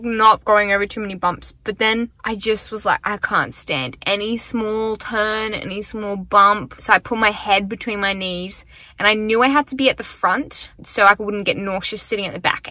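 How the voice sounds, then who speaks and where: Chatty young woman, bright voice. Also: mid-range voice, no room sound. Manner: chatty, rambling, full of "like". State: tired and weak from illness. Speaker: vlogger. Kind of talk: casual vlog diary. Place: bus, then a car.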